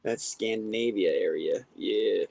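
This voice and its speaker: A man's voice: fairly low pitch, unhurried, gravelly, a little mellow, dry recording. A man co-hosting a casual livestream chat, talking crudely and swearing often. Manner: crude, profane, laughing often. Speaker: podcast co-host.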